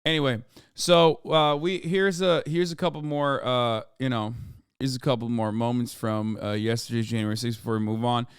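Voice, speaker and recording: A male streamer talks into a desk mic in a smooth, clean tone with a dry, close sound. He rambles through his reactions with sarcasm and lots of "like" fillers. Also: mid-range voice, steady tone, moderate pace, dry recording. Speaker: streamer host. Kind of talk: livestream reaction commentary.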